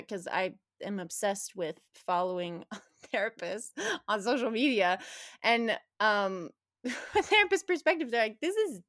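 Woman interview guest, animated, lots of restarts, dry room, mid-pitched voice. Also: no echo. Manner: animated, frequent restarts and laughs. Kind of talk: candid conversational interview.

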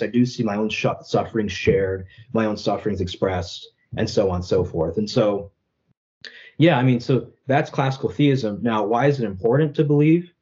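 Earnest young Catholic man, low mellow voice. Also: highs cut off. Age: young adult. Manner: earnest, thoughtful, many "right?" and "you know" fillers. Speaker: Catholic apologist guest. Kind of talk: reflective interview conversation.

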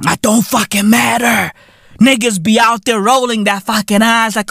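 A man in his thirties hosts a podcast and rants in a loud, profane comedic style. His voice sits high and sounds bright and sharp. The recording is close-miked and dry. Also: steady tone, moderate pace, dry recording. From South Africa. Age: 30s. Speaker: podcast host.

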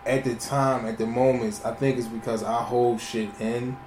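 A man's voice: medium pitch, level tone, normal speed, a little mellow, slight background noise. A man chatting casually and emphatically, often repeating himself. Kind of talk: casual chat. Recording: roomy sound with faint music.

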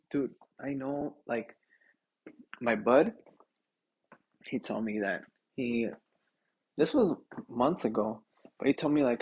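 A young man vents into his podcast mic, swearing and tossing "dude" into every line. He is sick and congested and keeps running short of breath. His husky voice leaps around in pitch as he gets worked up. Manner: profane, animated, says "dude" constantly. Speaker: podcast host. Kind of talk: casual ranting monologue.

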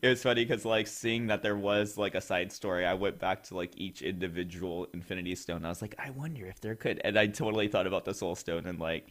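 A man's voice: deep voice, fast, few pauses, a bit bright. A man hosting a casual podcast, talking in a rambling way with many fillers. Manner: rambling, filler-heavy, laughs a lot. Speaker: podcast host.

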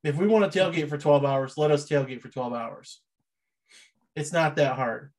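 A man's voice: a little high, moderate pace, darkish tone. A man hosting a podcast in casual chat, easygoing and rambling with hesitant fillers. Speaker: podcast host.

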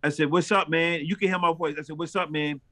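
A man, a pastor and street minister, telling stories in an interview in a lively, animated way. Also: quick pace. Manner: lively storyteller who acts out dialogue with big jumps in pitch.

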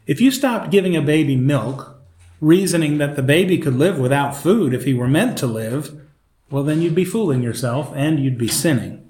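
A man's voice: on the high side, animated, moderate pace, a little mellow. A man leading a Bible study, reading a devotion, praying and teaching in a conversational way. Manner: conversational, with fillers. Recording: roomy echo, faint noise.

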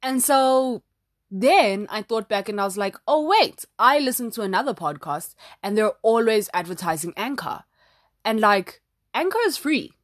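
A woman's voice: mid-range voice, lively intonation, moderate pace, no room sound, studio quality. Chatty young woman podcasting solo. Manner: chatty, dramatic, lots of "like" fillers. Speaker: podcast host. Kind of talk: casual solo podcast chat. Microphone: phone app recording.

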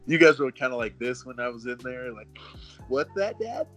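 A man's voice: mid-range voice, quick pace, soft background music. A man in his forties, a former football player, chatting as a podcast guest and telling stories with frequent chuckles. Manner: relaxed storyteller, chuckling often. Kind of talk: casual podcast chat.

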